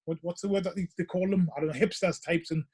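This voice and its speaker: A man's voice: high voice, fairly even intonation, quick pace, a little mellow, husky. A middle-aged man, chatting casually and telling rambling stories as a guest DJ. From Northeast England. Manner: rambling, storytelling with many fillers. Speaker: guest, vinyl DJ. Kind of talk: casual chat.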